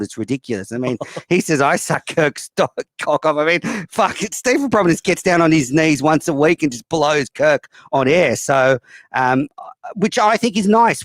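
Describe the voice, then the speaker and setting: A man's voice: on the high side, no room sound. A man hosting a call-in show, talking bluntly and profanely with plenty of fillers. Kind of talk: casual call-in chat.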